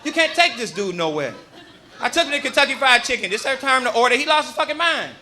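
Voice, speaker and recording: A male stand-up comedian doing a live set in a comedy club, telling stories in an animated, punchy way on a handheld mic. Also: extremely high pitch, quick pace, slight background noise.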